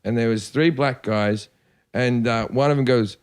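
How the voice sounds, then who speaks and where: A man's voice: medium pitch, normal speed, clear, resonant tone. A man hosting a podcast, telling crude drinking stories in casual chat, often acting out the people in them. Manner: swearing, animated anecdotes with put-on voices. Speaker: podcast host.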